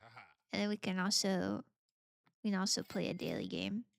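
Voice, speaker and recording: A woman's voice: medium pitch, sing-song, brisk, gravelly. A woman streamer chatting casually while playing games, bubbly and gushing, laughing often. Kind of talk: casual gaming stream chat.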